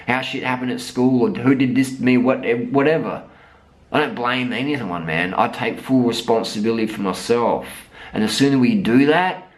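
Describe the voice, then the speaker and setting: On a low-quality recording, a South Australian man in his thirties vlogs to camera with a mid-range voice. He mixes storytelling into a motivational rant that is blunt, emphatic, and full of profanity.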